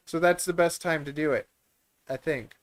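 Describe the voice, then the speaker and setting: A man's voice: on the high side, unhurried. A man, hosting a live Q&A stream in a rambling, easygoing way. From Canada. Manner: chatty, rambling, laughs easily. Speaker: reptile breeder and stream host.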